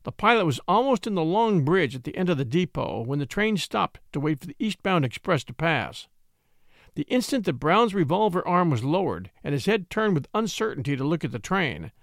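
Dramatic guy reading an old-timey story, kinda high voice, dry sound. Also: vocal fry, no room sound. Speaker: audiobook reader. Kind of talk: old-time story narration.

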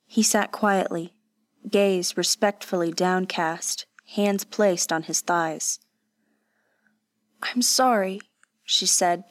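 Woman narrating a story, mid-pitched, dry studio feel, slow and careful. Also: no room sound. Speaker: audiobook narrator. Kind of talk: scripted narration.

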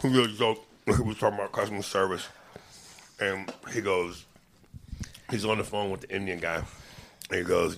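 A man hosting a casual, profane chat, talking loud and animated and swearing freely. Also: lowish voice, moderate pace, creaky, long pauses, a little hiss or hum.

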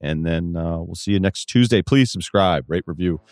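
A man's voice: sits low, normal speed, darkish tone, no room sound, studio quality. A middle-aged man hosting a podcast, telling a story in a casual, wry, self-deprecating way. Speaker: podcast host. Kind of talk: casual advice monologue.

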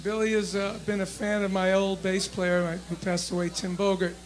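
A man chatting loudly and jokily with old friends. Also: high-pitched, monotone, normal speed, low-quality recording. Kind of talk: casual chat. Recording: crowd noise behind.

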